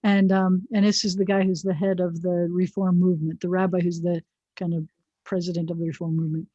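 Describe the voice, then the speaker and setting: A woman's voice: on the low side, level tone, a little fast, mellow, dry recording. A middle-aged woman rabbi leads an online biblical Hebrew class, explaining each word and drifting into friendly asides. Her voice comes over a dull, dry video-call connection.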